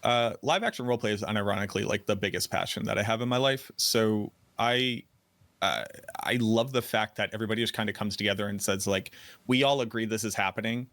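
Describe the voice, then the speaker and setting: A man's voice: lowish voice, fairly even intonation, quick pace, fairly bright tone, no echo. Chatty man from Boston's North Shore. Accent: light Boston. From North Shore of Boston, USA. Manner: chatty, self-deprecating storyteller. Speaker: guest content creator. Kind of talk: casual podcast chat.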